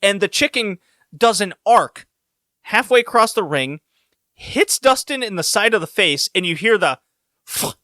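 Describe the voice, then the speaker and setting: A man co-hosting a podcast, telling a story in a casual, animated way and laughing along. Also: high-pitched, no echo, studio quality. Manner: animated storytelling, laughing, voices rising when excited. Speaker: podcast co-host.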